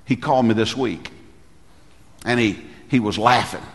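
A man's voice: lowish voice, moderate pace, in a large hall. A middle-aged man preaching, a pastor telling folksy stories and acting out the voices he quotes. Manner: folksy storyteller who acts out quoted voices. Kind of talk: sermon with storytelling.

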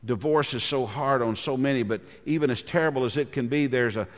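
A male pastor delivers a dramatic sermon in a church with a long, ringing reverb. His voice sits at a middle pitch and he often clears his throat. He slows down and sinks low for the giant's taunts, then lifts again to exhort. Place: church sanctuary.

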